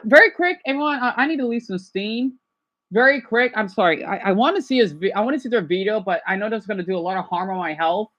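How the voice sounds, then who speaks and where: An agitated woman rants on a casual livestream. Her voice sits high and swoops wildly, flaring into angry outbursts before dropping to hushed apologies.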